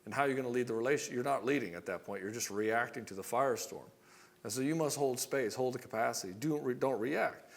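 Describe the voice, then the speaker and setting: A man's voice: medium pitch, quick pace, gravelly. A middle-aged man coaching married men in a casual monologue, blunt and profane, acting out both sides of arguments. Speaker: relationship coach.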